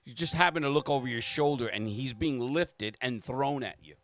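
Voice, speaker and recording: A man's voice: mid-range voice, moderate pace, fairly bright tone. A man running a tabletop game as game master, narrating the action with frequent restarts.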